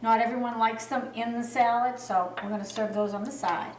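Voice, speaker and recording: A woman's voice: a little high, steady tone, a little fast, roomy sound, far from the mic, slight background noise, low-quality recording. A woman co-hosting a casual cooking demonstration, explaining each step plainly. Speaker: cooking show co-host.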